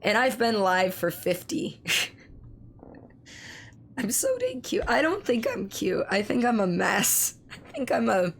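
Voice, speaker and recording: Hoarse, gravelly-voiced woman streamer. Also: mid-range voice, animated, moderate pace, a little hiss or hum. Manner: chatty, swears freely, reads chat aloud. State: hoarse, strained voice. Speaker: live streamer. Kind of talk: casual live-stream chat.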